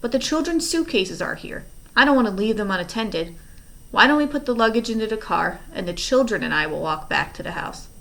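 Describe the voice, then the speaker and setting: A woman's voice: mid-range voice, expressive, fairly quick, vocal fry, a bit bright. A woman reading aloud, voicing a fussy, formal middle-aged banker who misses what is going on.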